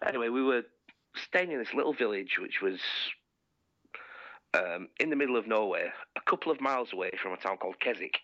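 A man's voice: fairly low pitch, animated, a little fast, no echo. A man telling a bawdy, sweary story in casual chat, laughing as he goes, on dull lo-fi podcast audio.

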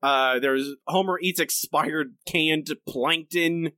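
Rambling, halting podcast host man. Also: on the high side, pushed and bright, no echo, clean studio sound. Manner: rambling, halting, laughs often. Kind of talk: casual chat.

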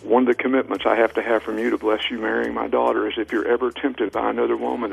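A man's voice: medium pitch, vocal fry. A middle-aged man, a leadership trainer, earnestly telling stories as a guest in a radio interview. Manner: earnest anecdotes, acting out quoted dialogue. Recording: tinny phone line on radio.

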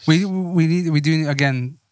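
Male podcast co-host, smooth clear voice, laid-back and swearing, dry mic. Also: fairly high pitch, dry recording. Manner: laid-back, profane, halting restarts. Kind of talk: casual movie review chat.

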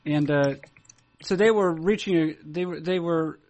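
A man with a notably high speaking voice chats casually on a podcast. He tells stories haltingly, circling back and restarting his sentences. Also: a little mellow, a little hiss or hum. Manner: rambling, halting storyteller with many restarts. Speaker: podcast co-host.

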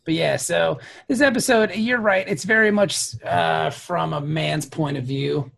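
Gravelly man in casual podcast banter. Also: a little high, a little slow, fairly bright tone. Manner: jokey, slips into mock Canadian accent. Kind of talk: casual chat.

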